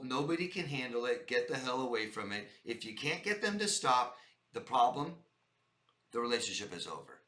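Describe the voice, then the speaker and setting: A man with a mid-range, sharp-toned voice speaks in a roomy space. Talking straight to camera, he gives viewers life-coaching advice, calling them "guys" and hammering his points home through emphatic repetition.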